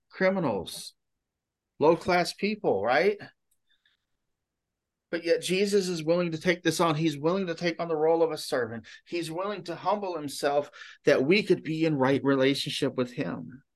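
A male pastor giving a conversational sermon, full of rhetorical questions and frequent restarts. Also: fairly high pitch.

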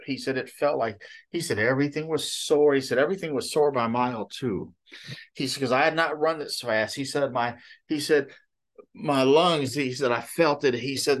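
A man's voice: mid-range voice, a bit bright. A man preaching a sermon in a conversational, rambling way, often stopping for "you know" and "okay?".

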